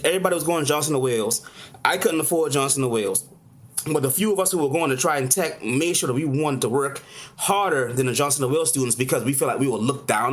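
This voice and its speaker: Rambling chef in his forties. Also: medium pitch. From Charleston, South Carolina. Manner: rambling, lively, lots of "you know". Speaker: chef, interview guest. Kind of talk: casual interview storytelling.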